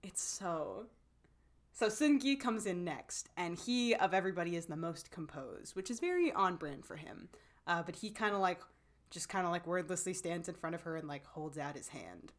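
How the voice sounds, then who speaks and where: A woman's voice: lowish voice, moderate pace. A woman co-hosting a podcast in casual chat, animatedly recapping a show with lots of fillers. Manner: animated, acts out scenes, many fillers. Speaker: podcast co-host.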